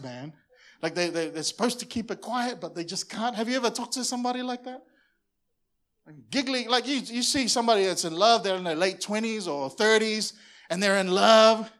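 High bright-voiced passionate pastor preaching. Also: male voice, a little fast. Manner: passionate, builds to loud preaching; stammers and repeats words. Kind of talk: sermon. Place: church stage.

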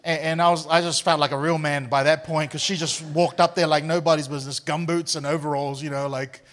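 The pastor's voice sits a little high and a bit bright, with fairly even intonation and a brisk pace. His sermon is personal storytelling delivered with plenty of energy, frequent laughter and repeated words.

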